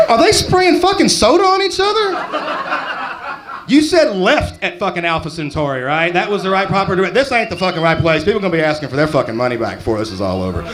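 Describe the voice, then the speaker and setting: A shrill, indignant male alien tourist, put on by a Texan comic swears at his guide in a voice pitched well above the comic's own. He sounds loud and profane. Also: close to an everyday voice.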